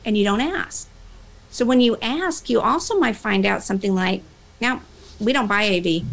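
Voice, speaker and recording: A woman workplace trainer giving a motivational talk, animated, acting out both sides of the conversations she tells. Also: fairly high pitch, moderate pace, gravelly, poor audio. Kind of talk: motivational talk with acted-out dialogue.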